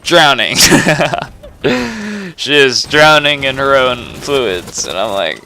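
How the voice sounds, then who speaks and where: A man's voice: medium pitch, lively intonation, slow pace, sharp tone, a little hiss or hum. A young man in his late teens, a bit drunk, rambling and swearing through a confessional monologue, with laughs and sighs between phrases. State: tipsy from drinking. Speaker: gamer recording a personal vlog.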